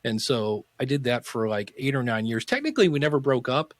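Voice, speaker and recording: A man's voice: medium pitch, a little fast, no room sound. Man, 50s, chatty podcast guest who acts out his anecdotes, dry recording. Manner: animated storyteller acting out quoted voices. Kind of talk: casual interview storytelling.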